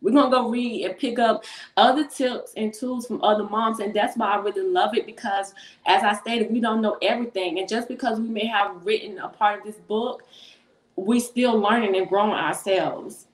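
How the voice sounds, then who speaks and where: A woman's voice: mid-range voice, steady tone, normal speed. Earnest woman, echoey room. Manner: earnest, repeats phrases for emphasis. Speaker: mother and book co-author on a panel. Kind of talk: encouraging panel talk. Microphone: phone.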